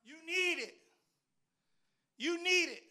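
A woman's voice: extremely high pitch, lively intonation, bright, forceful tone, pitched above the performer's own voice, heavily acted. A woman preacher quoting doubtful King Saul. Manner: casual, slangy, quick.

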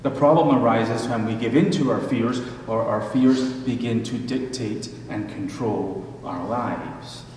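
A male pastor reading scripture and preaching a sermon in a measured storytelling manner, recorded from afar in a church sanctuary. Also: medium pitch, a little mellow, slight background noise. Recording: echoey church hall from far off.

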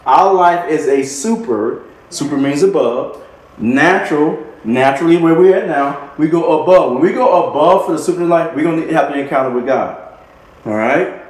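A man preaches a sermon with emphatic, repeating phrases and little chuckles between points. His voice sits a touch high. The recording has a roomy, echoing sound. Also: lively intonation, moderate pace. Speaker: minister. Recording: echoey room.

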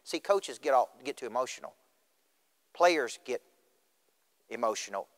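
A man's voice: mid-range voice, animated, unhurried. A middle-aged man giving a motivational speech, questioning the audience directly. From Tennessee. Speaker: motivational speaker. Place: school auditorium. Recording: reverberant auditorium.

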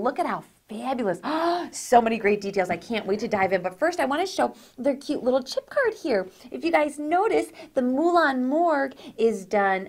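A woman hosting a doll review, talking excitedly and gushing over each detail with gasps of delight. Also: mid-range voice. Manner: gushing, gasping with delight, chatty. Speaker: host of a doll review channel.

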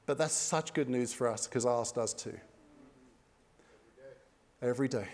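A male pastor preaching an impassioned sermon, swinging between loud and hushed. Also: medium pitch, unhurried, pauses often. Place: church sanctuary. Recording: long reverb of a church hall.

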